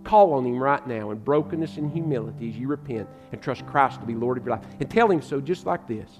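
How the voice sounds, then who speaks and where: A man preaching a sermon with passion, calling his listeners "friend" and swinging from loud exhortation to hushed pleading. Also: mid-range voice, expressive, fairly quick, few pauses, faint music behind. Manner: addresses listeners directly as "friend". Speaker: pastor.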